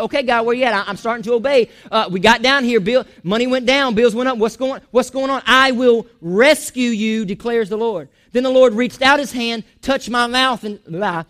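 A man preaching a sermon in a church, animated, joking and going off on asides. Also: very high-pitched. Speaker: pastor.

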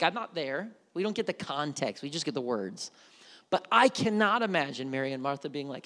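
A man's voice: fairly high pitch, expressive, fairly quick, fairly bright tone, long reverb tail. A man preaching a sermon as a pastor, conversational, with frequent restarts and repeated words.

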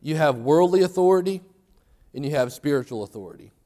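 Pastor, man, slightly high voice, conversational sermon delivery that rises when animated, church hall reverb. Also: brisk. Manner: conversational preaching, rising animated for emphasis. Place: church sanctuary.

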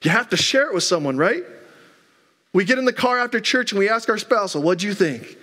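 A man's voice: high voice, lively intonation, a little fast, sharp tone. A man in his thirties, a pastor preaching a sermon in a church, telling stories in a conversational way with rhetorical questions. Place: church sanctuary.

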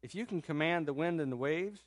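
A man preaching in a loose, conversational way, telling the story with lively swings. His fairly high voice jumps up and gets louder at exciting moments, then sinks soft and low when he quotes. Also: a little fast. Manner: conversational, animated storytelling with sudden jumps in pitch and loudness; drops to a soft, low voice when quoting Jesus. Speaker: pastor. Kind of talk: sermon.

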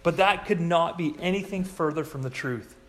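A man preaching a sermon in a church, telling stories with lively voices for the quoted lines. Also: moderate pace, a little hiss or hum. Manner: animated storytelling, acts out quoted lines in a higher voice. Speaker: pastor.

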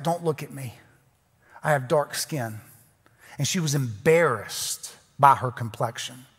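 A man's voice: high-pitched, fairly bright tone. A man preaching a sermon as a pastor, in a conversational, joking, self-deprecating way. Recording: long hall reverb.

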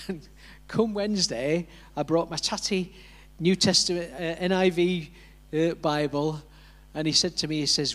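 A man's voice: a little high, moderate pace, fairly bright tone. A man preaching a sermon, telling a personal story, acting out the voices he quotes and chuckling along.

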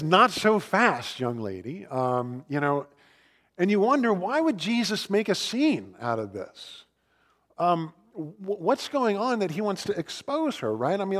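A man preaching a sermon in a conversational, storytelling way, with fillers and lively asides. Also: fairly high pitch, big-room sound. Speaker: pastor.

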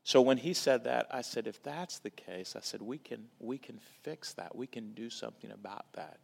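This man's medium-pitched voice carries vocal fry and a moderate pace. He's giving a church talk, preaching through a personal story, performing quoted voices, and going loud one moment and quiet the next.

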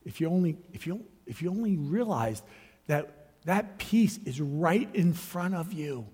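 A man preaching a sermon, his voice pitched a little high and often climbing higher as he builds to loud calls. Between those peaks he drops to soft, searching questions. The sound rings with the long reverb of a large hall. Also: animated, a little slow, slightly rough. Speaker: pastor.

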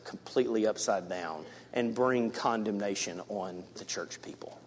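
A male pastor preaching a sermon in a casual, animated way, with big swings between loud high emphasis and low quiet asides. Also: moderate pace, slight background noise. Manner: addresses the congregation casually as guys.

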